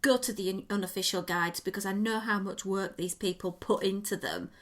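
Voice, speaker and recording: A woman co-hosting a podcast, telling a story in a lively, expressive way. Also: medium pitch, brisk. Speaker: podcast co-host. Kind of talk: casual chat.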